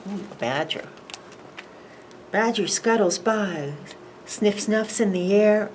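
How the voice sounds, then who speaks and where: A woman librarian reading a picture book aloud at a preschool storytime, animated and sing-song, asking the children questions. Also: medium pitch, slow, long pauses, a little hiss or hum, rough recording.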